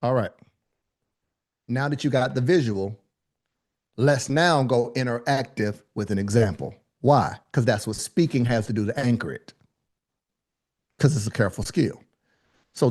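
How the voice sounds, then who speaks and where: A man teaching a live online speaking workshop, with lively, colloquial, high-energy delivery, calling on attendees by name. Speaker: speaking coach.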